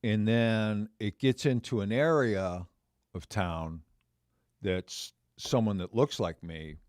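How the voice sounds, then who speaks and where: Older male podcast host around seventy, unhurried and rambling, repeats himself while spinning a personal yarn. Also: fairly low pitch, a little mellow, dry recording, studio quality. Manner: rambling, repeats phrases and circles back mid-story. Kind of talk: casual storytelling monologue.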